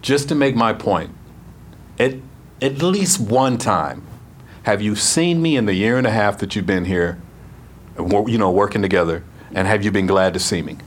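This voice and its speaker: Blunt, emphatic low-voiced man. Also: animated, moderate pace, a little hiss or hum. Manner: blunt, emphatic, repeats himself when making a point. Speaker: round-table participant. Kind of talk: candid group discussion.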